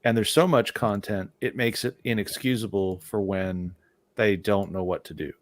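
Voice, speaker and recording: A man's voice: on the low side, normal speed, no echo. A man hosting a casual discussion, talking emphatically and with strong opinions.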